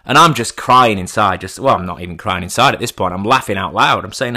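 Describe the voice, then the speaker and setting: A man's voice: lowish voice, expressive, brisk, few pauses, sharp tone. Chatty man telling a funny story. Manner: chatty, teasing. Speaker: podcast host. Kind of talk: comic storytelling.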